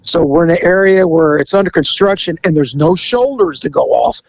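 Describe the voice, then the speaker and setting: A man hosting a podcast, telling an animated story in casual chat, acting out the voices and laughing as he goes. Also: on the high side, fairly quick, dry recording, rough recording.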